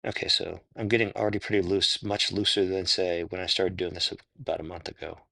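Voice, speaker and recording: A man's voice: low voice, steady tone, fairly quick, vocal fry, pushed and bright, dry recording. A man casually talking through a stretching routine on the floor, thinking aloud, correcting himself and grunting with effort. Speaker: stretching instructor. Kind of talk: casual spoken walkthrough of stretches.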